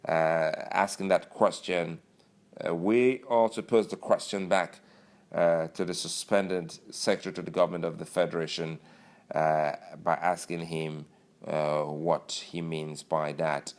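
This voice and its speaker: A man's voice: deep voice, fairly even intonation, unhurried. Musing male political commentator. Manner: filler-heavy, musing delivery with many uhs and you knows.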